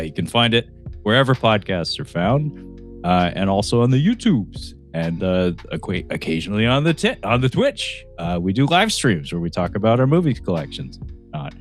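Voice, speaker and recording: A man hosting a film podcast, chatting casually, rambling and breaking into laughter. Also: on the low side. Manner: rambling, laughing, animated impressions. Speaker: podcast host. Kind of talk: casual chat.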